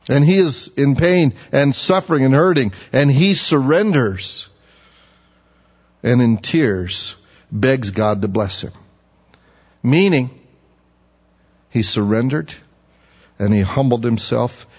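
A man preaching a sermon, asking his listeners questions and getting animated when he acts out a pleading voice. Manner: animated, rising high when acting out pleading; asks the audience questions. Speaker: pastor. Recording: dull, echoey hall.

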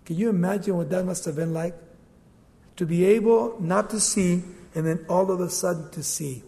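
Male pastor, high voice, lively sermon, church hall echo. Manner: animated, acts out the Bible figures in quick asides. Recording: long reverb of a church hall.

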